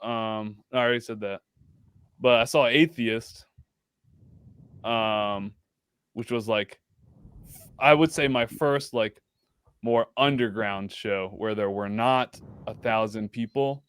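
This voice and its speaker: Guy rambling about old shows, smooth voice, dry mic. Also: on the low side, slow pace, long pauses, a bit bright, no echo. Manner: rambling, full of "like" and "um". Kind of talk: casual chat.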